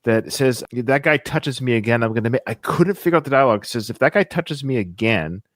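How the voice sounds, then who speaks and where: A man's voice: mid-range voice, lively intonation, fairly quick, fairly bright tone, no echo, clean studio sound. A man hosting a casual film podcast, talking things through as he goes and often restarting his sentences. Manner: chatty, thinks aloud with restarts. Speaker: podcast host.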